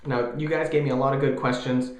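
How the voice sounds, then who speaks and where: A young man in his twenties ranting casually in a vlog, animated and jokey, mocking other people's voices. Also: medium pitch, fast talker, echoey room. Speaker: vlogger.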